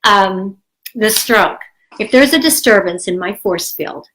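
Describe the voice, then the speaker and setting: An older woman speaks with a cold, candid and rambling. She encourages her listeners in a casual, heartfelt tone at a middling pitch. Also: lively intonation, unhurried, a bit bright, slight background noise, poor audio. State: has a cold, coughing. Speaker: health vlogger. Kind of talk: casual talk to camera.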